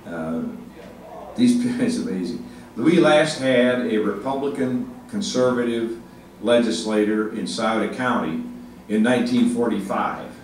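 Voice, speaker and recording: An older man giving a speech to an audience, halting with many fillers and restarts, speaking with emphasis. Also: on the low side, darkish tone. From Ohio, United States. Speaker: state legislative leader giving a speech. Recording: echoey hall, mic far off, faint noise.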